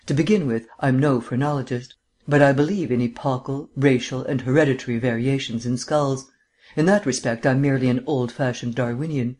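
A man reading a languid, lecturing gentleman sleuth. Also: mid-range voice, close to an everyday voice. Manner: drawling, mannered and lecturing. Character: languid erudite male amateur detective. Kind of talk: audiobook character reading.

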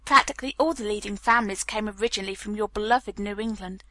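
A woman reading the lines of a lively, teasing young Californian woman in an audiobook, with a light, slightly wistful manner. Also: mid-range voice, fast talker, no echo, close to an everyday voice.

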